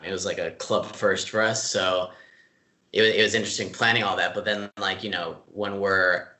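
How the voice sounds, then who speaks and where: Low voiced guy, bright punchy tone, rambly casual storytelling, roomy echo. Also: normal speed. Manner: relaxed, lots of "like" fillers, laughs easily. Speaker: club staff member being interviewed.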